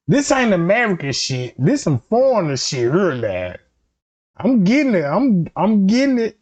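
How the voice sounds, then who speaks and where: A man's voice: sits high, huge pitch swings, measured pace, a little mellow. A man in a casual comedic rant, profane and rambling, jumping into quoted voices, on a dull lo-fi recording.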